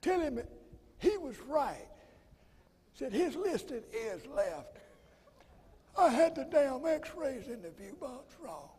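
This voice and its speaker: A man voicing his blunt, excitable male chiropractor friend from Texas, raising his voice high and loud, heard in a reverberant hall. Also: takes it slowly, pauses often, full character voice. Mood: excited. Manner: loud, exclaiming, gruff.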